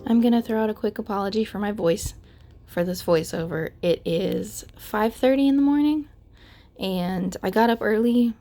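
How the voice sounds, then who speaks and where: A young adult woman narrating a craft card-making tutorial voice-over, calm and methodical, her voice crackly from the early morning. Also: mid-range voice, normal speed.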